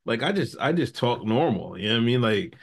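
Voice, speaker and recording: Animated profane male podcast host. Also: medium pitch, fairly quick, slightly rough. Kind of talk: casual podcast banter.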